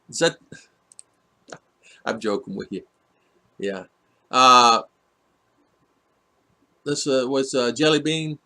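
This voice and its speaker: A man talking casually on a home livestream, greeting viewers by name and answering their comments. He rambles, stops and restarts often, and fills gaps with lots of "uh". His voice sits at a middle pitch. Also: slow pace, long pauses, pushed and bright. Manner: rambling, many fillers and restarts. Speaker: livestream host reading chat. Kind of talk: casual live chat. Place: home in the Philippines.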